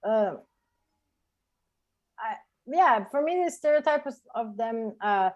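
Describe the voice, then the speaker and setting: A woman's voice: on the high side, expressive, takes it slowly, muffled recording. A woman from Brazil, a native Portuguese speaker with a Brazilian accent, chatting as a podcast guest in a thoughtful, hesitant way as she searches for words. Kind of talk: casual chat.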